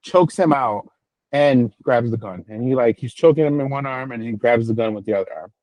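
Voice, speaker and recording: A man's voice: mid-range voice, brisk, a little mellow, no room sound, low-quality recording. A man co-hosting a podcast, casually retelling a TV episode in a rambling way, full of fillers and restarts. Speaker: podcast co-host. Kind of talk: casual chat recapping a TV episode.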